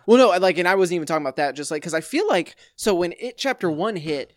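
Male podcast co-host, slightly high, rambling and filler-heavy, dry sound. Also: lively intonation, fast, no room sound. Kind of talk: casual chat.

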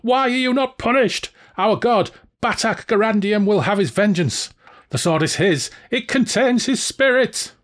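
A man reading aloud and voicing a fanatical pirate leader in a shrill, indignant rant. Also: animated, a little slow.

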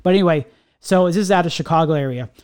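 A middle-aged man rants his way through a casual podcast chat, circling back and restarting his sentences. His voice sits a little high for a man. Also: fast, a little mellow, clean tone. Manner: ranting, rambling with many restarts. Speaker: podcast co-host.

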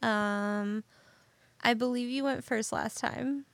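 Woman podcast cohost, kinda high and gravelly, rambly and giggly. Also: steady tone, takes it slowly, no room sound. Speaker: podcast co-host. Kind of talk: casual chat.

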